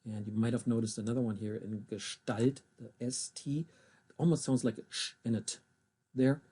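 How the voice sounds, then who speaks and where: Male language teacher, very dark husky voice, slow careful pronunciation of German words. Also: mid-range voice, fairly even intonation. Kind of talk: recorded language lesson.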